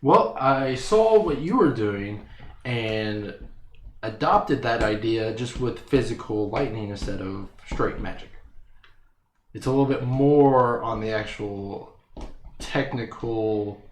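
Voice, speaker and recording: A man playing a tabletop game, explaining things haltingly with many restarts, in an echoey room with faint noise. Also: mid-range voice, lively intonation. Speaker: player. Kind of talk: casual tabletop play.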